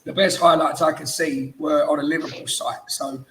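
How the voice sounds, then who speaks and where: A man's voice: fairly high pitch, steady tone, moderate pace, fairly bright tone, slight background noise, low-quality recording. A tired man hosting a casual, banterous football chat podcast. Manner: chatty, banterous. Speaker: podcast host.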